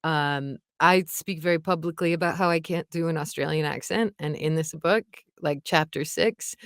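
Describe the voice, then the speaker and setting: A young woman with a fairly low voice talks casually about her narration work. She laughs often and fills her talk with "like" and "um", recorded close and dry with no room sound. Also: moderate pace, clean tone, no echo. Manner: chatty, laughs often, many fillers. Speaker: audiobook narrator, guest. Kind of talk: casual interview chat.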